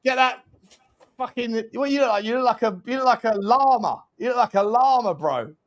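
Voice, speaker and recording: A man hosting a football watch-along, reacting with animated, mocking banter. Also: very high voice, normal speed. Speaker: host.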